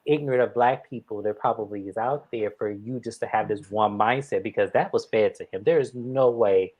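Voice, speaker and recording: A man's voice: on the low side, fairly quick, darkish tone, rough recording. A man from the Bay Area, a regular guest on a casual recap show, speaking articulately and repeating phrases for emphasis. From San Francisco Bay Area.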